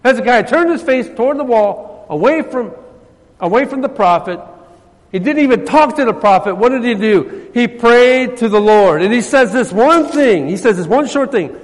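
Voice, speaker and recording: A man preaching a sermon as pastor, swinging between loud emphasis and soft, hushed passages. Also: very high-pitched, animated, moderate pace, in a large hall.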